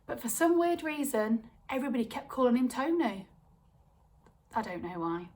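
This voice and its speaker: Young woman storyteller, lively comic delivery, slightly high voice. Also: moderate pace. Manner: lively, acts out quoted voices.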